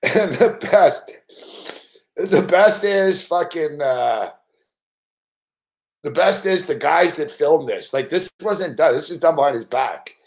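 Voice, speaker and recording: A man's voice: fairly high pitch, expressive, slow, pauses often. A man hosting a casual stream, reacting to a clip with frequent laughter and profanity. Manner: laughing often, profane, amused. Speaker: host.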